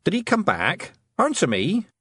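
A man's voice: mid-range voice, huge pitch swings, fast talker, darkish tone, husky, no echo, clean studio sound. A man voicing a frantic mother searching for her lost child, urgent and demanding. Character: frantic worried farm mother.

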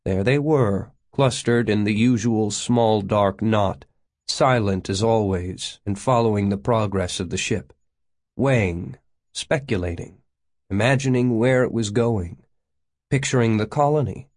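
A man narrating an audiobook in a measured, expressive reading style. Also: on the low side.

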